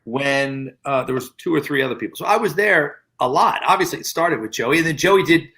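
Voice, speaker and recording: A man's voice: on the high side, expressive, a little fast, pushed and bright. A man co-hosting a casual chat, telling backstage anecdotes. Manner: chatty anecdote teller. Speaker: co-host, manager.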